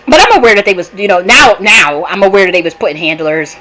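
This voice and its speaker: Woman ranting into the mic, bright voice, lots of cussing and stops and restarts. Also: mid-range voice, fast talker, low-quality recording. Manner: animated storytelling, profane, many restarts. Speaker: channel host. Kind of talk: casual monologue.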